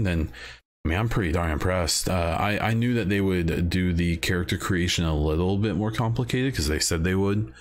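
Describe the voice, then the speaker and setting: Male podcast host, very low voice, loose rambling delivery full of "uh"s. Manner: rambling, many "uh" fillers and restarts. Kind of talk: casual solo podcast talk.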